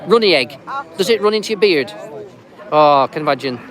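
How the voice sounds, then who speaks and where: A high-voiced man rambles and teases passers-by as he films a live street vlog with a handheld camera. He talks outdoors on a busy street. A loud crowd murmurs behind him. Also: lively intonation, a little fast. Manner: teasing, rambling, chatty. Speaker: street vlogger filming live. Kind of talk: casual street chat to camera. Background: crowd noise.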